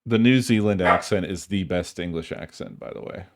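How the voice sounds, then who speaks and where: A man's voice: low voice, brisk, heavy background noise. A male streamer in casual chat with his viewers, musing in a dry, wry way and swearing freely.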